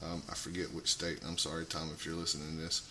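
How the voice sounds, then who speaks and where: A man talking casually on a radio show, rambling, swearing a lot and getting loud. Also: rumbling low, completely flat delivery, quick pace.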